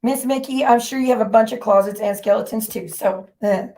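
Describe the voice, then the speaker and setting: A woman's voice: fairly high pitch, brisk, dark tone. A woman hosting a livestream, ranting in a heated, profane and confrontational way at people in her chat. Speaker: livestream host. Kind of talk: angry livestream rant.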